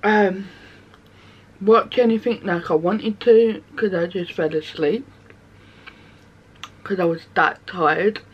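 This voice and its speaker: A woman with a husky, medium-pitched voice chats for her vlog from her bedroom, moving loosely from one thing to the next. She talks slowly and pauses often. The home recording is dull and lo-fi.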